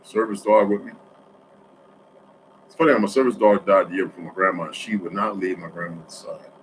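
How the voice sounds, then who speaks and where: A man from New Jersey talking in a rambling, profane monologue, swinging between loud outbursts and quiet asides. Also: low-pitched, fairly even intonation, a little fast, a little hiss or hum, poor audio.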